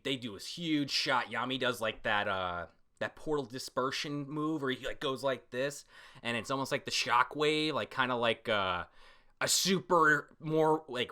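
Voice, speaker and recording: An excitable man reviews a comic chapter in a loose, casual way, and he swears freely. His voice swings widely in pitch and carries a bright, forceful edge. He breaks into sudden shouts. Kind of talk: casual reaction commentary.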